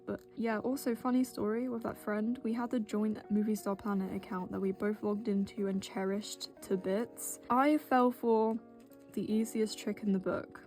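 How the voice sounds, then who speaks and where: Rambling British woman, soft dark voice. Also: medium pitch. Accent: British with an American drift. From Britain. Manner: rambling, self-deprecating, full of "like" fillers. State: tired late at night. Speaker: art vlogger. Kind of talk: casual chatty voice-over while drawing. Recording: soft music bed behind.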